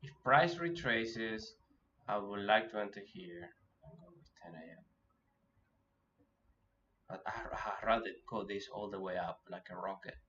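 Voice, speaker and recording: A man giving live commentary as he day trades, thinking aloud and talking himself through his nerves with halting restarts. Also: deep voice, steady tone, a bit bright. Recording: dull lo-fi audio with faint noise.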